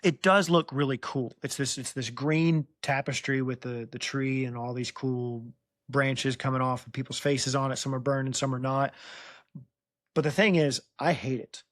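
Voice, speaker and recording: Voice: medium pitch, steady tone, normal speed, fairly bright tone, no echo, studio quality. A podcast host retelling a book in casual chat, teasing the guest and laughing often.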